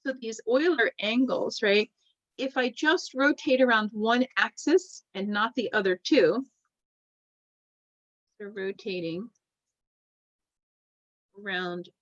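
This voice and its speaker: A woman's voice: fairly high pitch, slow, pauses often, dry recording. A woman teaching a class, explaining step by step as she draws and often checking in with "right?". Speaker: lecturer. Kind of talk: classroom lecture. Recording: dull, dry lo-fi classroom recording.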